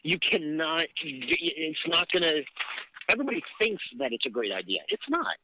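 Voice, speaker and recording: A man's voice: fairly high pitch, huge pitch swings, moderate pace, background noise. A man hosting a casual political talk show, blunt and sarcastic, with swearing. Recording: dull lo-fi recording.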